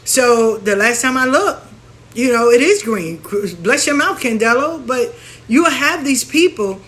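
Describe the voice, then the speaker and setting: A woman's voice: sits high, lively intonation, measured pace, fairly bright tone. A woman hosting her own show, talking frankly and animatedly in a casual monologue, mimicking other people as she rants. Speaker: spiritual practitioner and show host.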